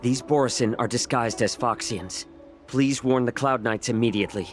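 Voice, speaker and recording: A man's voice: medium pitch, normal speed, lightly acted. An actor playing an earnest young male messenger delivering urgent warnings in a game. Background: game music.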